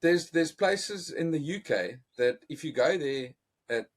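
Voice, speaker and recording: A South African man with an Afrikaans accent hosting a casual podcast chat, relaxed and swearing freely. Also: a little high, a little slow. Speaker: podcast host.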